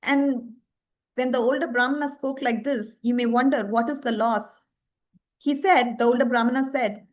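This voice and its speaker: High-voiced woman telling a devotional story. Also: moderate pace. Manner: expressive, rhetorical questions to listeners.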